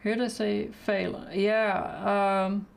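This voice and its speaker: A woman's voice: mid-range voice, steady tone, slow pace, vocal fry. A woman chatting casually during a live painting stream, thinking aloud and answering questions from the chat.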